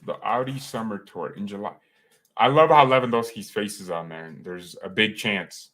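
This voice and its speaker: Guy rambling on a live stream, jokey, flips from chill to yelling. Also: on the low side, moderate pace. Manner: excitable, joking, jumps between calm and loud outbursts. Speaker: fan channel host reading chat on a live stream.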